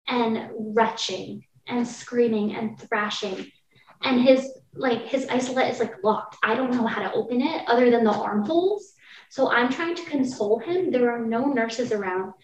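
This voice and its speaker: A woman's voice: fairly high pitch, a little slow. A young woman talking candidly on a podcast, telling a personal story vividly with lots of casual fillers. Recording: roomy, distant, dull-sounding mic.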